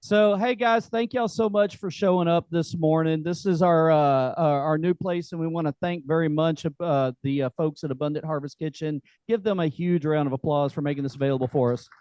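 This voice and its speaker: A man's voice: on the high side, fairly quick, hardly any pauses, a little mellow, clean tone, no echo, rough recording. A man hosting a group meeting, casual, joking and folksy, with lots of fillers. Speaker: meeting host. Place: meeting room.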